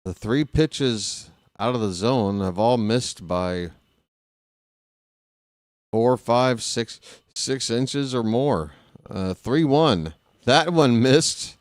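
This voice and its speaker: A man's voice: mid-range voice, lively intonation, extremely slow, long pauses, no echo, clean studio sound. A man calling a baseball game live as a fan play-by-play host, rooting openly for his team in a chatty way. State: hiccups.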